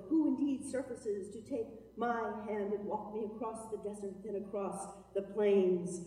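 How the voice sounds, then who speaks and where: A woman's voice: medium pitch, fairly even intonation, measured pace, few pauses, dark tone. A woman performing incantatory spoken word in a hall. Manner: incantatory, chanting, sometimes half-sung. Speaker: performance poet. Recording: reverberant hall, from far off.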